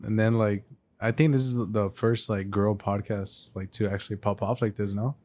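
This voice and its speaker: A man's voice: lowish voice, steady tone, moderate pace, a little mellow. A man co-hosting a podcast in casual chat, easygoing and laughing along with short replies. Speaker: podcast co-host.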